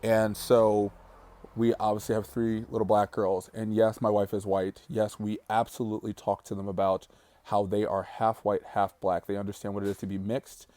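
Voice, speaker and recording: A grieving man in his thirties talks earnestly and reflectively in a personal vlog. His voice is low and mellow, and he lingers over the heaviest words. The recording is dry and close, with no room sound. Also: level tone, moderate pace, no room sound. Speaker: vlogger.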